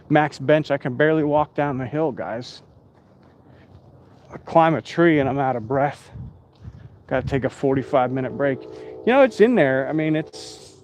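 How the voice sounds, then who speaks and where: A man's voice: medium pitch, a little hiss or hum. A tired man hosting a casual live stream outdoors at night, rambling and chatting with his viewers.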